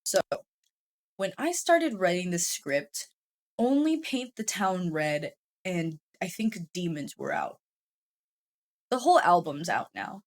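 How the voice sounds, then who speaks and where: A woman's voice: on the low side, big pitch swings, takes it slowly. A woman YouTube commentator giving casual, chatty commentary, swearing freely and laughing often.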